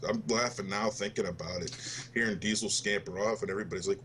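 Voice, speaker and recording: A man's voice: deep voice, fairly even intonation, fast talker, fairly bright tone, slight background noise. Man telling a story between laughs. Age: 20s. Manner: laughs through his story, swears freely. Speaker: podcast co-host. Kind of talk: casual storytelling among gaming friends.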